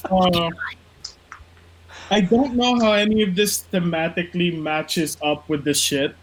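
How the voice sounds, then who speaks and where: A man with a high-sitting, fairly even voice co-hosts a casual wrestling podcast from the Philippines, unhurriedly ranting, swearing a lot, and doing mocking impressions. The recording is rough, with slight background noise.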